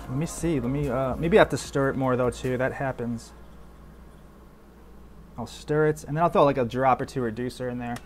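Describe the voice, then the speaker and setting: A man giving casual how-to commentary while he airbrushes, relaxed and loose, saying "like" and "man" a lot. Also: medium pitch. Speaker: airbrush artist.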